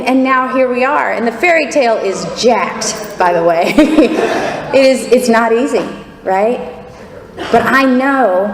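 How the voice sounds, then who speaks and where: A woman's voice: a little high, a little mellow. Fervent woman in an echoey hall. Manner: candid, laughing, fervent. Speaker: testimony speaker. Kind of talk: personal testimony talk. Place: large hall before an audience. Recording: echoey hall with faint crowd and noise.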